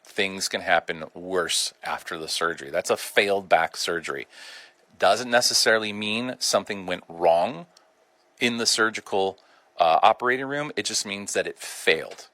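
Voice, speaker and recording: Deep-voiced folksy man doctor hosting. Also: normal speed, bright, forceful tone, dry recording. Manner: folksy and conversational, with colloquial asides. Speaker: radio show host doctor. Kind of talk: informal health talk.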